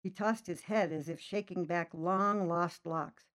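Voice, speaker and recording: A woman reading a short story aloud, narrating lively and voicing the characters' lines herself. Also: measured pace. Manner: lively, voices characters with raised pitch. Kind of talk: storybook narration with acted dialogue.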